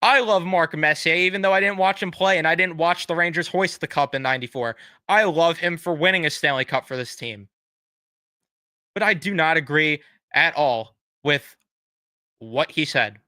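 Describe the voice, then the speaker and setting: A young man with a bright, crisp, fairly high voice rants casually on a live stream. He swears bluntly and piles on sarcastic apologies. The sound is dry and close. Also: moderate pace, dry recording.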